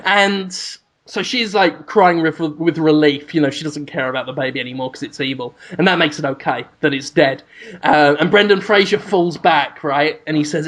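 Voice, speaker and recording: Man rambling through a comic story. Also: moderate pace. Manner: rambling, animated pitch of a made-up film. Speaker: podcast co-host. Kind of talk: comedic storytelling chat.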